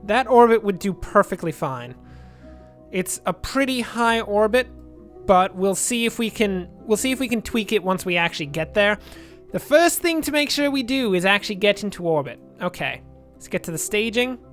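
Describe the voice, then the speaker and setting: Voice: medium pitch, expressive, moderate pace, a bit bright, faint music behind. Chatty let's play gamer thinking aloud. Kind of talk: game commentary.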